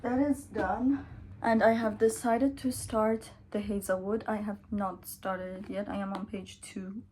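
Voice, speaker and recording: Tired young woman rambling about books for her vlog, slow and unhurried, drifts into whispers sometimes. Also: mid-range voice, flat delivery, darkish tone, a little hiss or hum. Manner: chatty, slow and drawn out, sometimes drops to a whisper. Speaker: book vlogger. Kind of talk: casual vlog chat.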